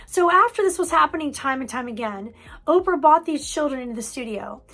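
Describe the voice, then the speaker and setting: A woman's voice: sits high, lively intonation, fairly quick, pushed and bright, faint music behind. A woman mental health counselor giving an earnest parent-coaching talk, stressing key points by repeating words. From United States.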